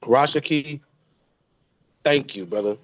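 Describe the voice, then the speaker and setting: A man's voice: mid-range voice, slow pace, no room sound, dull audio. A man in his thirties paying an emotional tribute to his father, often repeating and restarting his phrases. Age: 30s. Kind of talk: heartfelt spoken tribute.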